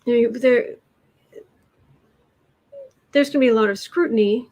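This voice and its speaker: A woman's voice: on the high side, a little slow, a little mellow, low-quality recording. A woman reading political tarot cards on a livestream, talking in a rambling, hesitant way, with frequent ums and restarts, and addressing viewers directly. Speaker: tarot reader.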